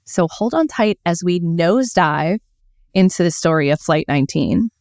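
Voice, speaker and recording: A woman co-hosting a casual podcast, telling a mystery story in a chatty way. Her voice is low and smooth, with a lot of "um" and small restarts. The sound is close and dry, with no room around it. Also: expressive, normal speed, darkish tone, no room sound. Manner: chatty, many fillers and self-corrections. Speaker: podcast co-host.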